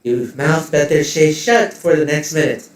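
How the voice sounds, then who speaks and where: A man's voice: a little high, heavy reverb, recorded from a distance, pitched above the performer's own voice, natural voice. A man putting on a smiling, icy woman executive. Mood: cool, pointed. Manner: polite, measured, coolly threatening. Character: poised, smiling female corporate executive, quietly menacing.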